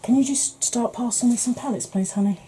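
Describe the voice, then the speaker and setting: A woman chatting casually as a beauty vlogger, easygoing and quick to laugh, with the odd mild swear. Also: on the high side, warm tone, slight background noise. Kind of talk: casual makeup declutter chat.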